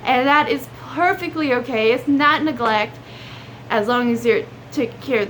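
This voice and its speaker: High-voiced young woman vlogging. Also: normal speed, fairly bright tone, slight background noise. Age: young adult. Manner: chatty, earnest, drawling with y'all. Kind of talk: casual advice vlog.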